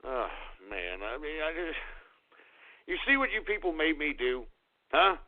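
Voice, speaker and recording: A male radio host with a high-pitched, lively voice, ranting comically on air. He curses freely and lurches from low grumbling to yelling. The sound is thin and tinny, like it came down a phone line. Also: unhurried, pauses often. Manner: excitable, profane, flips between muttering and shouting. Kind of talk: comedic on-air rant.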